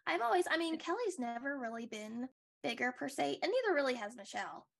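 A woman's voice: high voice, very animated, brisk, gravelly. A young woman co-hosting a podcast, chatting casually and rambling with lots of likes and restarts. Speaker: podcast co-host. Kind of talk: casual recap chat.

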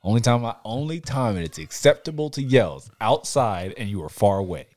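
A young adult man hosts a casual podcast chat, telling profane stories, acting out quotes and laughing a lot. His mid-range voice is animated, brisk and a little mellow, on a dry recording.

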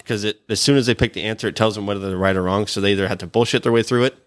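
A young man with a lowish voice talks loosely among friends, swearing often and breaking into laughs. His delivery is relaxed and rambling, like an unscripted chat. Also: rapid-fire. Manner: profane, laughing storyteller. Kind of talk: casual chat.

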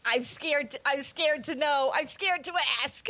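A woman with a slightly high voice playing a tabletop game. Her reactions are animated and expressive. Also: a little slow. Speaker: player.

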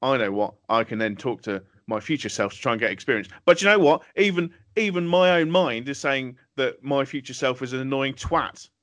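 Man, podcast co-host, exasperated and sweary, bright forceful voice, dry close sound. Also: mid-range voice, expressive, fairly quick, hardly any pauses, dry recording. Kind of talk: casual comedy podcast banter.

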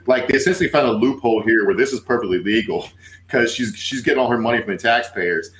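A man with a medium pitch who talks quickly and excitedly, swearing as he reacts. His voice sounds roomy and echoey. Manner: fast, excitable, swears freely. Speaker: podcast host. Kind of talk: podcast discussion.

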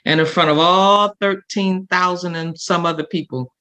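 Bright-voiced older woman telling stories. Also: lowish voice, moderate pace, hardly any pauses. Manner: animated, expressive storyteller who acts out quoted voices. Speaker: guest. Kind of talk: storytelling in a podcast interview.

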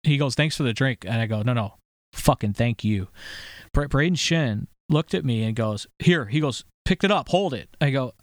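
A man's voice: mid-range voice, moderate pace, dry recording. Guy in his 30s telling a long swear-heavy story on his podcast, keeps restarting, dry close mic. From St. Louis, USA. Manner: profane, rambling, emphatic with frequent restarts. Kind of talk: casual storytelling chat.

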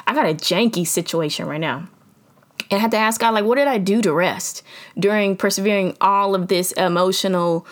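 A woman hosting a podcast, giving casual motivational talk in a lively, slangy, preachy way and laughing often. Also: a little high. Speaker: podcast host.

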